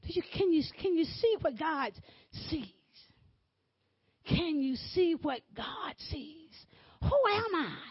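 A woman preaching a sermon, swinging from loud exclamations to hushed whispers. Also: high-pitched, lively intonation, slow pace, dry recording, lo-fi sound.

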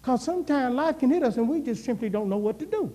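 High-voiced preacher man in a reverberant hall. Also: lively intonation, quick pace, warm tone. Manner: preaching with call and response, rising and falling intensity. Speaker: pastor. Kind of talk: sermon.

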